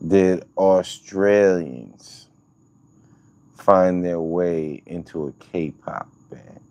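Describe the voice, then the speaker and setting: A man's voice: sits low, extremely slow, warm tone, no room sound, lo-fi sound. A man hosting a livestream, chatting casually with viewers in loose, profane, rambling banter. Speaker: livestream host.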